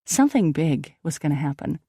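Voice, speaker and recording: A woman narrating an audiobook in the first person, with steady, reflective storytelling. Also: sits low, fairly quick, breathy edge, no room sound, studio quality.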